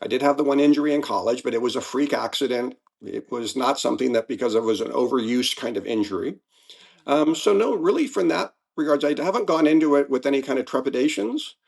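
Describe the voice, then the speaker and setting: A man in his seventies, a guest athlete in a casual interview, telling his stories in a lively way and acting out moments. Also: medium pitch, gravelly, slightly rough. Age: 70s. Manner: lively storyteller, acts out race moments.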